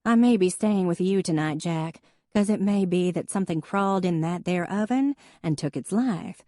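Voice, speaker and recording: A woman's voice: on the low side, normal speed, dark tone, dry recording, studio quality, pitched above the performer's own voice, natural voice. A woman voicing a wisecracking younger sister who puts on a drawling good old boy accent. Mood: joking drawl.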